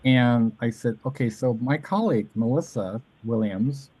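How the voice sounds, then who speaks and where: A man's voice: mid-range voice, normal speed, darkish tone, slightly rough, no room sound, low-quality recording. A man hosting a casual chat, telling a long rambling story and animatedly mimicking the voices of people he quotes. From Southern California. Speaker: podcast host.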